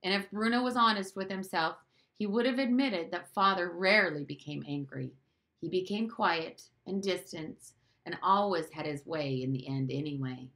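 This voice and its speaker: A woman reading a novel aloud in a measured, even storytelling manner. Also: lowish voice. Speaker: audiobook reader.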